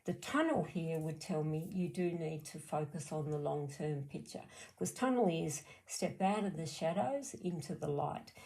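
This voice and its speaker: A woman's voice: deep voice, normal speed, gravelly, warm tone, low-quality recording. A middle-aged Australian woman giving a chatty, blunt card reading on a live stream, answering viewers by name. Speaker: card reader.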